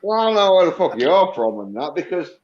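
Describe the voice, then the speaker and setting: A man's voice: sits high, sing-song, brisk, dull audio, slight background noise. A man from the UK with a British accent, talking bluntly and swearing in a casual online chat. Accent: British English. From United Kingdom.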